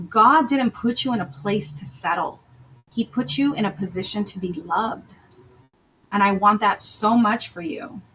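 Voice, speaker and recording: Earnest woman self-love coach, bright voice. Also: medium pitch, slight background noise, rough recording. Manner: earnest, conversational, retells stories with quoted voices. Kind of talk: personal monologue on relationships.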